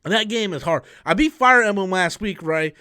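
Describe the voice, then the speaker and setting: A man's voice: high voice, animated, normal speed, bright, forceful tone, smooth. A man hosting a casual live stream and telling rambling, profane stories full of restarts. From New York. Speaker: channel host.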